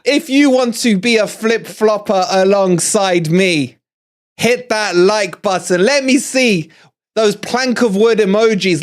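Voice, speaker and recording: A middle-aged English man hosting a live fan-channel match review, excitable and gloating, out of breath, chatting with his viewers. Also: high voice.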